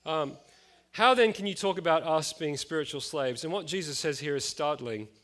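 Chatty man preaching, higher voice. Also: moderate pace, fairly bright tone. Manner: casual, chatty, with frequent fillers and asides. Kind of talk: conversational sermon.

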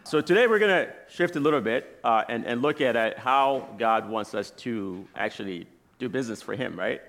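A man's voice: medium pitch, expressive, normal speed, a bit bright. Thirties man, laid-back guest preacher, chatty storyteller, easy mid-range voice, laughs as he goes. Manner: casual, chatty, laughs while telling stories. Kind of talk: sermon with personal stories. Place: church sanctuary.

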